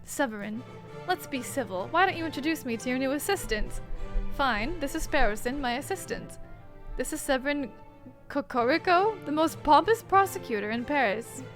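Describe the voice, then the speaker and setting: Bird lawyer guy, dry and proud, high voice read by a woman streamer. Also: expressive, normal speed, soft background music. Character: male bird defense attorney, proud.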